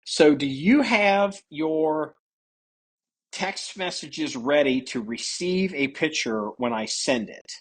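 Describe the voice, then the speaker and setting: A man's voice: on the high side, expressive, slow. A man hosting a casual podcast, reading odd news stories aloud and laughing and joking about them. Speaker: podcast host.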